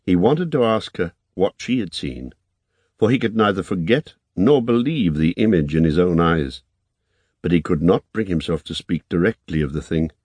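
A man narrating an audiobook in a calm, measured reading. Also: deep voice, slightly rough, no echo.

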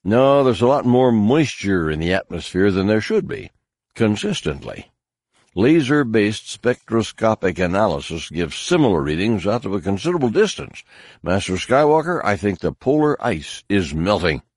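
Narrator doing a gruff scientist: deep, dry, clipped technical talk. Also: male voice, sing-song, moderate pace, darkish tone, no room sound. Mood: reporting.

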